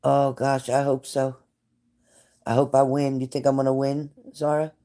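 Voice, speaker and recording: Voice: medium pitch, flat delivery, moderate pace, warm tone. Psychic reader on a live stream, chatty, keeps repeating stuff, calls out viewers by name, gets real emotional. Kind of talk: casual live-stream reading.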